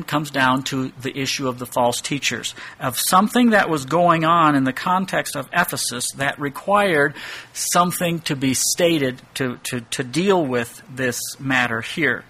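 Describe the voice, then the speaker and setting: A man's voice: a little high, sharp tone, husky. A middle-aged man giving an expository Bible teaching, thinking aloud and posing rhetorical questions.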